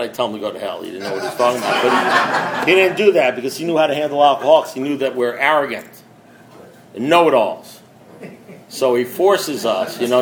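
A man's voice: medium pitch, a little hiss or hum. A man speaking at a recovery meeting, telling his story with wry, self-mocking humor and emphatic, repeated build-ups. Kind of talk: storytelling talk.

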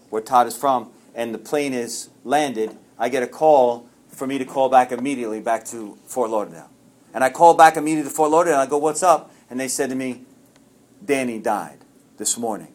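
A middle-aged man telling his personal story to a recovery group, rambling and self-deprecating, earnest, often restarting his sentences. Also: mid-range voice. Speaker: speaker sharing at a recovery meeting.

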